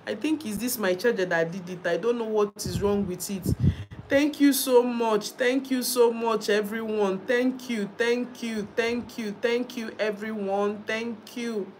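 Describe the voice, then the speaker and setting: Woman, live stream host, slow unhurried talk, slightly high voice, effusive thanks, faint background noise. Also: steady tone, darkish tone, poor audio. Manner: effusive, thanks viewers by name, laughs often. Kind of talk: birthday live stream chat with viewers.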